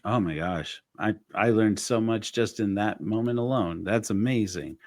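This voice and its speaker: Man, podcast host, low voice, rambling with fillers, dry close sound. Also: moderate pace, a little mellow, dry recording. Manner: rambling storyteller with many fillers and restarts. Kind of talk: casual conversation.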